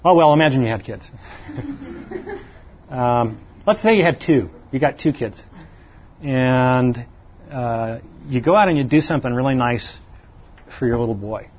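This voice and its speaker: A man's voice: medium pitch, sing-song, a little slow, pauses often, slightly rough, highs cut off. A middle-aged man giving a conversational sermon in a folksy way, asking the audience questions and lifting his voice to stress points. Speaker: preacher.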